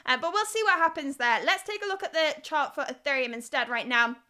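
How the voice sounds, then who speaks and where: Bright high-voiced Scouse woman host. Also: brisk. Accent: Liverpool (Scouse). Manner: chatty, reads viewer comments aloud and asks for likes. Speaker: livestream host. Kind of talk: live crypto news stream, casual commentary.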